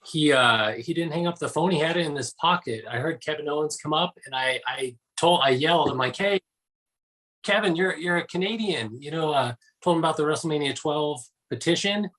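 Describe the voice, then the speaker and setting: Podcast cohost guy, kinda high voice, rambly storyteller. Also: brisk, fairly bright tone, low-quality recording. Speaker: podcast co-host. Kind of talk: casual podcast chat.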